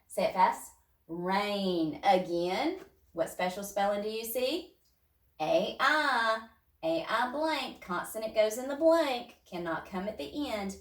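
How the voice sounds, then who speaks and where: A woman's voice: on the high side, far from the mic. A woman teacher leading young children through a phonics lesson, sounding out words step by step. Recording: echoey room, voice off-mic.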